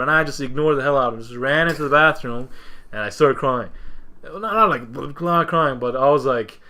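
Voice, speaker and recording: A man of average pitch, speaking as a guest on a podcast. He tells his story in a loose, casual way, stumbling over and repeating words as he goes. He keeps slipping into the voices of the people in his story. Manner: halting, with many restarts and repeated words; animated, acts out what others said.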